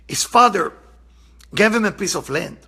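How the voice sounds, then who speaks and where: Gravelly, husky man teaching Kabbalah. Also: sits high, lively intonation, normal speed, bright, forceful tone. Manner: earnest, impassioned, repeats for emphasis. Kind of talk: spiritual lesson with storytelling.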